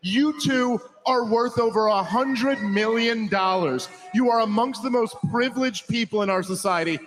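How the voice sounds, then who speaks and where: A man's voice: very high voice, normal speed, a bit bright, faint music behind, low-quality recording. A man on a political panel, ranting heatedly with a lot of swearing. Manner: profane ranting.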